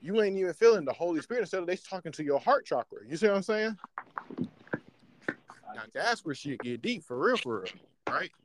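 Animated slangy man, higher voice. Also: fairly quick, long pauses, noisy background. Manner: animated, slangy, often asks "you know what I'm saying". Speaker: podcast co-host. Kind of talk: casual chat.

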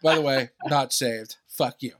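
Male host, mid-pitched, casual storyteller, profane and animated. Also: background noise. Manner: profane, animated anecdotes with quick asides.

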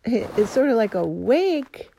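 A woman's voice: medium pitch, a little mellow, slight background noise. Earnest woman preaching a sermon. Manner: earnest, emphatic preaching with slow stressed phrases. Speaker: minister.

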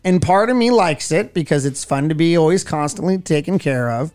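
Animated middle-aged male radio co-host. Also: fairly high pitch, a little fast, faint music behind. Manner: animated storytelling, acts out voices. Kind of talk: casual chat.

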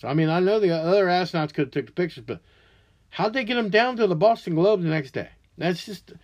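A man in his forties vents on his solo podcast with a slightly high-pitched voice. He swears constantly and bounces between shouted outbursts and muttered asides. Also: husky. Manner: angry, profane, loud outbursts then low mutters. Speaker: podcast host. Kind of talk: ranting solo monologue.

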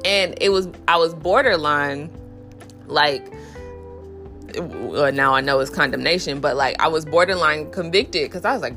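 A woman's voice: measured pace, bright, forceful tone, faint music behind. A woman hosting a podcast, talking candidly about faith with many fillers, restarts and acted-out voices. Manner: acts out inner voices with raised pitch. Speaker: podcast host. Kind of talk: casual faith talk.

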